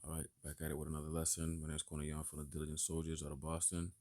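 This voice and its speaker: A man teaching a religious lesson, greeting his congregation and commenting in a measured way. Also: very deep voice, monotone, mellow. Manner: measured, with "you know" and "right?" fillers. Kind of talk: sermon-like commentary.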